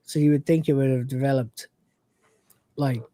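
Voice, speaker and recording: A man's voice: mid-range voice, fairly even intonation, normal speed, mellow. A man hosting a casual review podcast, rambling with many fillers and acting out quoted lines. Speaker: podcast host.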